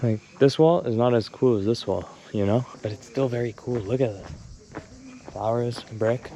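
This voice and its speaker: A man's voice: mid-range voice, moderate pace, mellow, slight background noise. A young man vlogging casually to an action camera while walking outdoors at dusk, rambling and joking as he talks to the camera. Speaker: travel vlogger. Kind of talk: casual vlog talk to camera. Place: outdoors on hillside streets at dusk. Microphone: handheld action camera.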